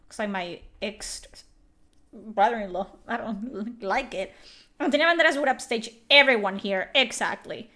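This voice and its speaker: A Spanish-speaking woman from the Canary Islands with a Canary Islands Spanish accent, giving animated, opinionated commentary while streaming a video game. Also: a little high, normal speed.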